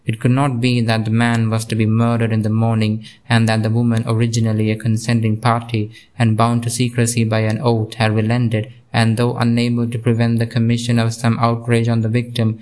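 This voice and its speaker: Flat-voiced male audiobook narrator. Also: medium pitch. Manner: steady, measured reading. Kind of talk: audiobook narration of a classic novel.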